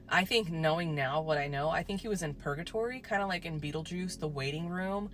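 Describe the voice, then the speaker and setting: A woman's voice: lowish voice, fairly quick, hardly any pauses, faint music behind. A woman telling a true ghost story in a casual, chatty way, full of "like" and swearing.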